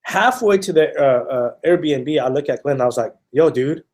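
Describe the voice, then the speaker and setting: A man's voice: fairly high pitch, brisk. A man co-hosting a casual podcast, rambling with many fillers and restarts and telling stories with acted-out quotes. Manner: animated storytelling with acted-out quotes. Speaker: podcast co-host.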